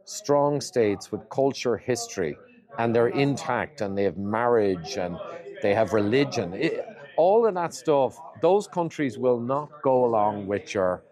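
In an interview conversation, a male guest with a medium-pitched, darkish voice speaks a little slowly but with animation. He makes his points emphatically, one by one, in a list-like way.

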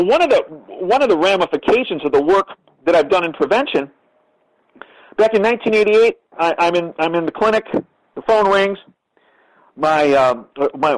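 A man's voice: high-pitched, low-quality recording. Older man telling stories in an interview. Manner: emphatic, repeats words when starting sentences. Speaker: interview guest. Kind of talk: conversational interview storytelling.

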